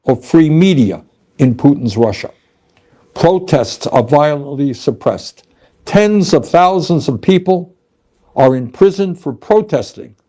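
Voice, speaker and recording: Slow, dark-voiced older male politician. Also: medium pitch. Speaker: politician giving a speech. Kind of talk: formal political speech.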